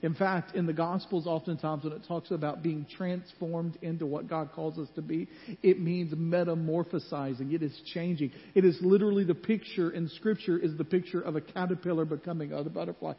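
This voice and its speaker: Man preaching, high voice, long hall echo, dull muffled sound. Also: fairly quick. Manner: animated storytelling, acts out voices in quotes. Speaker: pastor. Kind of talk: sermon. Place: church sanctuary.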